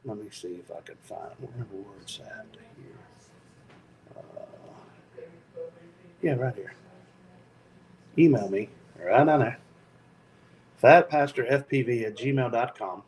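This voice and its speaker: A man with a Tennessee accent hosting a casual livestream, talking slowly with lots of ums in an easygoing, joking way. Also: mid-range voice, darkish tone, a little hiss or hum, rough recording. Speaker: FPV drone channel host.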